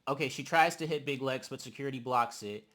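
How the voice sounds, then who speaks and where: A man's voice: mid-range voice, brisk, a bit bright. A man giving a casual, sassy recap of a reality show. He calls the listener honey and acts out the quotes of the people he talks about. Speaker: reality TV reviewer.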